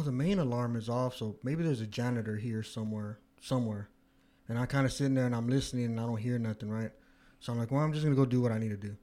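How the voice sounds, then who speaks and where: Dude telling a creepy story to his buddies, swears a ton, jumps way up high when he quotes people. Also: a little mellow. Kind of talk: casual chat, telling a spooky story.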